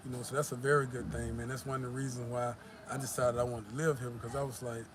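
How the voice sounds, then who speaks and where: A man's voice: mid-range voice, flat delivery, fast talker. A man vlogging casually outdoors, tired after the gym, telling stories in a loose, profane way. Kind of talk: casual vlog talk. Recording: loud traffic and street noise.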